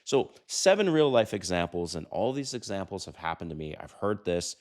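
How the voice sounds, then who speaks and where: A man's voice: sing-song, moderate pace. Brash older man giving dating advice. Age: 50s. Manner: brash, emphatic, swears, mimics quoted lines in a higher voice. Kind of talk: casual talking-head advice monologue.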